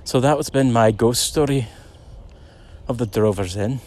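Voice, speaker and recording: A man's voice: medium pitch, measured pace, a little mellow, slight background noise. Man, middle-aged, casual storytelling, chatty, outdoors on a walk. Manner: rambling, chatty, many "you know"s.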